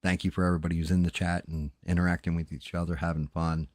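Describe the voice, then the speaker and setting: A man's voice: sits low, level tone, fast, darkish tone, no echo, studio quality. A man hosting a casual late-night livestream, tired and rambling, with loose, profane talk. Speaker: livestream host.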